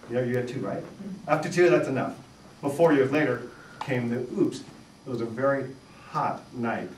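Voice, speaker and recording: A middle-aged man giving a humorous talk before an audience, spinning animated, self-mocking stories. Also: medium pitch, reverberant, recorded from a distance, background noise. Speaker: speaker. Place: live event room with audience.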